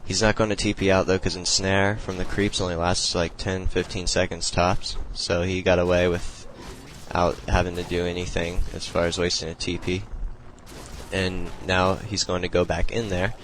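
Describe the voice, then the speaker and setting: A man's voice: sits low, little pitch movement, moderate pace, a bit bright, a little hiss or hum, poor audio. A young man casually talking through a strategy game replay, explaining moves in a loose, rambling way with many fillers. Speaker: replay commentator.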